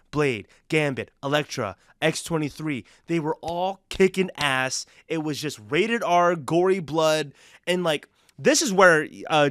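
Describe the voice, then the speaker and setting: A man's voice: on the high side, a bit bright, no echo, clean studio sound. A young man giving a casual, rambling movie review, enthusiastic and full of fillers and restarts.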